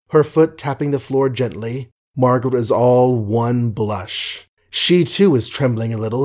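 A man reading a novel aloud as an audiobook narrator, measured, wry and ornate. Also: mid-range voice, a little mellow.

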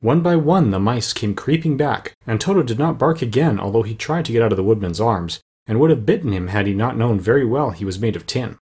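A man reading a storybook aloud as narrator, steady and plain, with the odd small slip. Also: mid-range voice, brisk, few pauses, husky. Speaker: audiobook narrator.

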